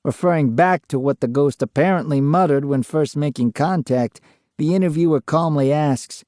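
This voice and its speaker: A man narrating a scripted ghost story in a measured, unhurried way. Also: a little high, darkish tone, dry recording, clean studio sound.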